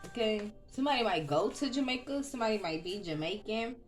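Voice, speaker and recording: A woman giving a casual tarot reading, chatty and loose, with frequent ums and restarts. She opens with a softly murmured prayer. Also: medium pitch, lively intonation, brisk, soft background music. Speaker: tarot reader.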